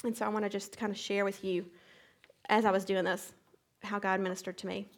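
A middle-aged woman teaching a Bible study, retelling a hectic day as an animated testimony with sound effects. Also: medium pitch, a little fast.

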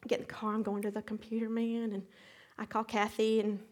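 A middle-aged woman teaching a Bible study, retelling a hectic day as an animated testimony with sound effects. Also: a little high, fairly quick.

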